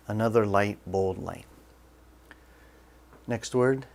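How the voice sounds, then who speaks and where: A man's voice: on the low side, normal speed, a little mellow. A man teaching a beginner Arabic lesson, patiently sounding out each word syllable by syllable and then repeating it. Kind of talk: slow online language lesson.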